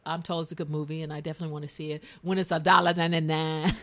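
A woman's voice: deep voice, flat delivery, a little fast, fairly bright tone. A woman in casual chat, host of a talk show, telling a story with plenty of animation and frequent laughter.

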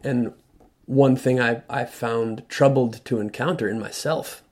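A man as an interview guest, telling a personal story in a thoughtful, halting way with frequent restarts. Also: medium pitch, steady tone, a little mellow. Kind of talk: reflective storytelling conversation.

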